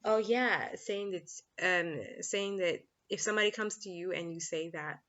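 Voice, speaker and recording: A woman's voice: fairly low pitch, moderate pace, a bit bright. Chatty, frank woman, dull lo-fi sound. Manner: chatty, frank, laughs often, breaks off to talk to her kids. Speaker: relationship coach. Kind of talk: casual talking-head vlog. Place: home.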